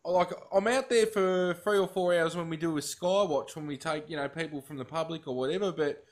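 A man hosting a casual chat, relaxed and asking questions. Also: a little high, fairly quick. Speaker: host.

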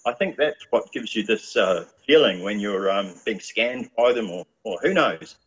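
A man's voice: fairly low pitch, expressive, moderate pace, breathy edge, highs cut off. A man, chatting casually as a guest with a rambling manner and lots of fillers. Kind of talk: casual chat.

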